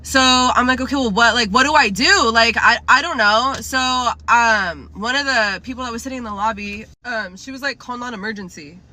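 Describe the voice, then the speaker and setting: Bright, chatty woman rambling a story. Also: fairly high pitch, normal speed, hardly any pauses. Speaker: cafe manager telling a story. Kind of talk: casual storytime vlog.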